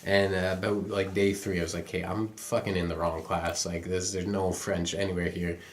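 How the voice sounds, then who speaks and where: A man's voice: low-pitched, level tone, moderate pace, slight background noise. A young Canadian man co-hosting a podcast, telling stories in a rambling, profane way full of fillers. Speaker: podcast co-host. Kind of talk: casual chat.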